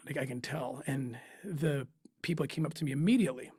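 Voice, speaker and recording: A man in an interview, telling a personal story in an emotional, halting way with pauses and restarts. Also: on the high side, darkish tone, breathy edge, no echo, clean studio sound. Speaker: interview guest, former undercover operative.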